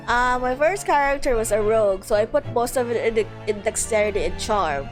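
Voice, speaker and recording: A chatty woman streamer giggles and banters casually with her friends while she plays. Her voice is high and bouncy. Game music plays behind her. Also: animated, fairly quick, few pauses.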